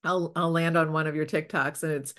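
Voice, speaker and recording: An interview host who coaches daters, speaking with warm praise and giving plain dating advice. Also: mid-range voice, level tone, fairly quick. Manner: enthusiastic and encouraging, advising plainly. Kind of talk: casual interview talk.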